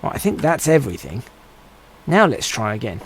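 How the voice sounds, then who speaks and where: A man's voice: medium pitch, very animated, moderate pace, a little hiss or hum, rough recording. A man streaming a game, giving casual commentary and musing aloud to himself as he plays. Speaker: gaming streamer.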